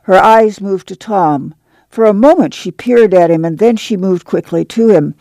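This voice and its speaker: A woman narrating a novel in a steady audiobook reading. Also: mid-range voice, moderate pace, no room sound.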